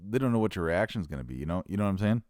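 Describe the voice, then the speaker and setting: Quick, low-voiced male host. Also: lively intonation, darkish tone, dry recording, studio quality. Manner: quick, conversational, questioning. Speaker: podcast host. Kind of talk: casual interview.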